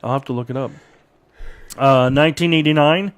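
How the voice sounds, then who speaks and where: Speaking at a normal speed in a mid-range voice, a man hosts a radio program streamed live from the studio. He reads date-based history facts in relaxed back-and-forth with his co-host, punctuating them with frequent chuckles.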